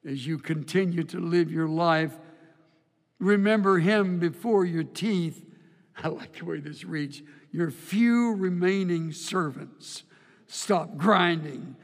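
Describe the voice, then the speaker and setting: Older guy preaching slow, kinda high voice, lots of echo from the hall. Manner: folksy storytelling with humor, repeats words. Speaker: pastor. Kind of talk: sermon. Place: church auditorium.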